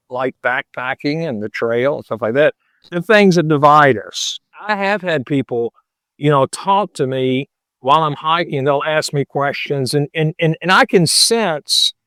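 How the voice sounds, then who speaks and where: A man's voice: on the high side, fairly bright tone, dry recording. A man in his seventies, a pastor and long-distance hiker, chatting as a podcast guest in a folksy, rambling way. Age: 70s. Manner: folksy and rambling, full of "you know" and "man". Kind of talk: casual interview chat.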